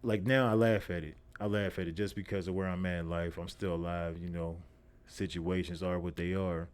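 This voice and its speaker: A man's voice: sits low, level tone, brisk, darkish tone, clear, resonant tone. A young man, hosting a podcast and telling a story in a profane, repetitive, streetwise way. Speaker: podcast host. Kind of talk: casual storytelling monologue.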